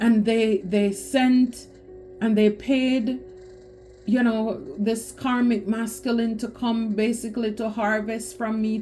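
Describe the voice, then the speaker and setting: A woman's voice: a little high, warm tone. A woman giving a spiritual tarot reading, talking emphatically and repeating phrases for stress. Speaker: tarot reader.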